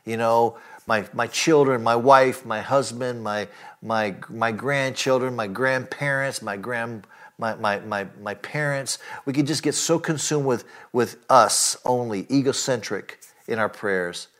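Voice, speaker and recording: A man preaching a sermon, earnest and emphatic, often asking his listeners direct questions and filling pauses with "uh" and "you know". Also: mid-range voice, a bit bright. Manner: earnest preaching with rising emphatic lines and frequent fillers. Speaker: pastor.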